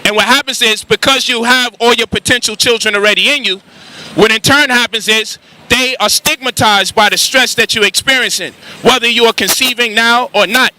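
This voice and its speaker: A man giving a street lecture with crude banter, animated and firing rhetorical questions at passers-by, outdoors on a city street. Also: very high voice, fairly quick, low-quality recording. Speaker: street speaker.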